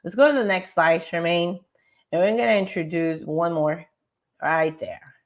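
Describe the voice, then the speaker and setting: A woman hosting a morning show, giving an emphatic, animated motivational talk over slides and speaking straight to her audience. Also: lowish voice, normal speed. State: tired.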